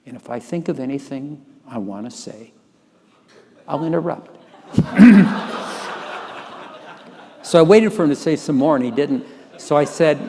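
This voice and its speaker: A man's voice: medium pitch, long reverb tail. An older man telling an anecdote in an oral-history recording, acting out the dialogue with animation. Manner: animated storyteller, acts out dialogue. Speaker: tax lawyer telling a story.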